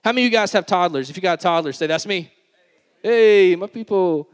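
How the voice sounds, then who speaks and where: A man in his thirties preaches a sermon with a fairly high voice. He tells a family story with laughter, then settles into a hushed, earnest tone. His voice rings with the long reverb of a large hall. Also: brisk, clear, resonant tone. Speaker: pastor.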